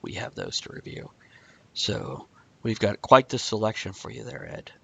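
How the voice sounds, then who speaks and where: A man's voice: lowish voice, huge pitch swings, normal speed, creaky, a bit bright, slightly rough. A man hosting a casual online talk show, chatty and teasing, often laughing. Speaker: podcast host. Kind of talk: casual chat.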